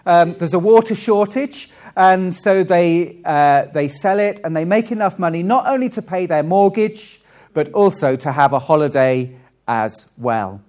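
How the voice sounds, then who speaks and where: A man from Wales preaching a friendly sermon with frequent ums and pauses. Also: high-pitched, lively intonation, darkish tone. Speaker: pastor.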